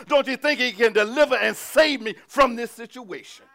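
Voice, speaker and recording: A man preaching a sermon, reading scripture and building to shouted, humming, laughing exclamations. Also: very high voice, moderate pace, gravelly, few pauses.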